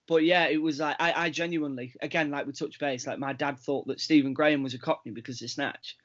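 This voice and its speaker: Excitable man. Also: fairly high pitch, fast. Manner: excitable, lots of restarts and repeated words. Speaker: podcast co-host. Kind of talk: casual chat. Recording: muffled lo-fi remote audio.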